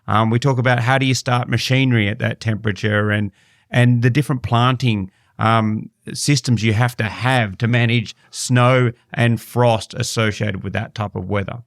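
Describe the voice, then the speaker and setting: A man's voice: medium pitch, steady tone, moderate pace, gravelly, dry recording, studio quality. An Australian man hosting a farming podcast, laid-back and matey, chatting with a remote guest. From Western Australia. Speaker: podcast host. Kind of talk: casual podcast interview.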